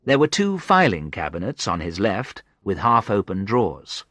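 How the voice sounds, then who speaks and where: A man slowly reading a story aloud for English learners in a clear, expressive manner. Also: on the low side, dry recording, studio quality. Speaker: narrator.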